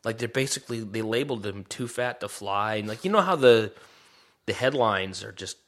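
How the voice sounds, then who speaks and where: A man with a low voice co-hosts a casual podcast conversation. He rambles and pokes fun at himself, often trailing off and restarting mid-sentence. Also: animated, a little fast, fairly bright tone. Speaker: podcast co-host. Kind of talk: casual chat. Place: Vancouver area.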